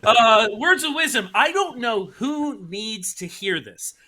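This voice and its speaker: A man co-hosting a podcast in casual, joking chat, with animated delivery that keeps restarting its sentences. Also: very high voice, slow. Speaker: podcast co-host.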